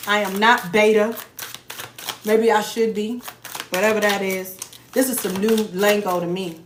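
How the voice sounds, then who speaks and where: A woman's voice: a little high, fairly bright tone. Blunt, joking woman reading tarot. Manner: blunt, profane, joking asides. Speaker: tarot reader. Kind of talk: casual tarot reading to viewers. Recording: echoey room with faint noise.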